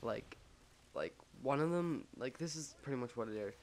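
A man's voice: mid-range voice, expressive, moderate pace, a little mellow, slight background noise. A young man telling a story casually over gameplay, rambling with lots of fillers and self-mocking jokes.

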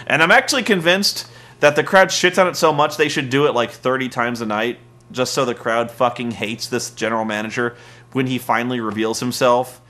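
A man hosting a comedic wrestling recap, sarcastic and profane with deadpan jokes. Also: mid-range voice, brisk. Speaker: podcast host.

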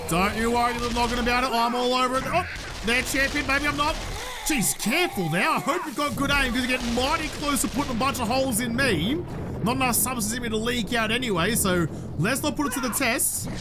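An Australian man giving jokey, chatty let's-play commentary and talking to his in-game companion. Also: very high voice. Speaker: gaming YouTuber.

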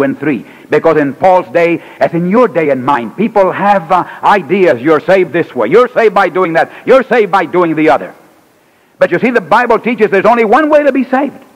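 Male evangelist, high-ish voice, punchy revival preaching, long church reverb. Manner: emphatic preaching with sharp swings in pitch and loudness. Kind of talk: revival sermon. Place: church sanctuary.

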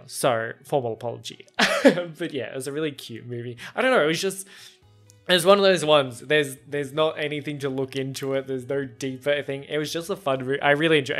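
A man's voice: medium pitch, a bit bright. A man with an Australian accent reacting to a film in casual chat, chatty and laughing often, with lots of fillers and some swearing. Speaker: movie reaction host.

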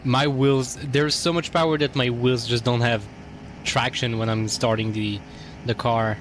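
A man's voice: medium pitch, fairly even intonation, unhurried, slight background noise. A man streaming a driving game, commenting loosely and with swearing as he thinks aloud. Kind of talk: casual gameplay commentary.

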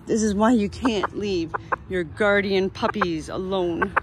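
A woman filming an outdoor farm vlog, shaken and breathless, who switches between sharply scolding her dogs and softly soothing her birds. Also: medium pitch, unhurried, music in the background. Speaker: farm vlogger.

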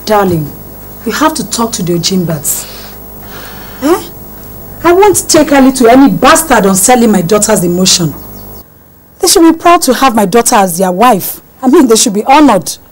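A woman's voice: fairly high pitch, very animated, moderate pace, poor audio. An actress playing a proud, protective middle-aged mother who soothes her daughter. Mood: motherly.

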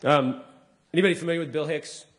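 A man, a comedian, speaking casually to a live audience, acting out people's lines with big pitch jumps and dropping low for asides. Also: fast. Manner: drops to a quieter, lower voice for asides. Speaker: comedian giving a talk.

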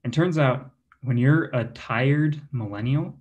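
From a home setup, a young man delivers an online stand-up comedy set, poking fun at himself and laughing softly between bits. His voice is medium-pitched and unhurried, and the audio sounds dull.

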